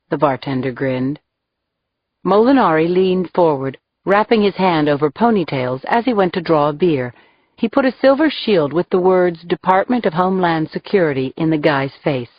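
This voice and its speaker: A woman's voice: deep voice, normal speed, dry recording, highs cut off. A woman narrating a first-person crime novel in a wry, dry manner. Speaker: audiobook narrator.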